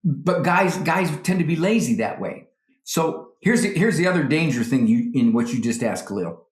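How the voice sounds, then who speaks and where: An expressive man whose pitch leaps around as he talks, a psychologist guest handing out firm parenting advice. He slips into the voices of parents and children to make his points. His voice rings in a roomy studio. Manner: acts out parents and kids in quick voices. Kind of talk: animated advice talk.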